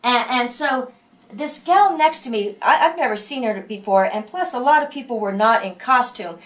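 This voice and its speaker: A woman's voice: a little high, lively intonation, moderate pace. A woman in her sixties telling a personal story casually, with many fillers and restarts. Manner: rambling, many fillers and restarts, acts out quoted voices. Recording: voice from far off the mic.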